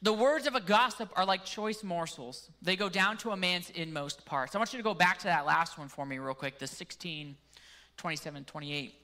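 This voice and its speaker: Male pastor with a Canadian accent, bright and forceful, relaxed and jokey in the pulpit. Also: high voice, normal speed. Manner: casual, joking asides. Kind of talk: sermon.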